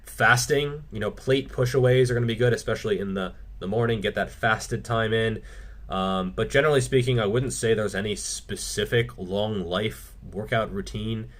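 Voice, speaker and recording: A man's voice: on the low side, normal speed. A man hosting his own fitness channel, answering viewer questions in a casual, blunt, opinionated way and swearing freely. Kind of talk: casual Q&A monologue.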